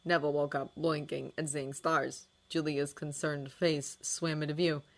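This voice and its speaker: A woman narrating a fan fiction audiobook with expressive, dramatic storytelling. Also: low-pitched, measured pace.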